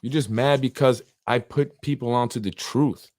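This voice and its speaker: A man's voice: medium pitch, fairly even intonation, normal speed, a little mellow. A man, the host of a local political show, talking in a fired-up, blunt and rambling way. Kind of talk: heated political commentary.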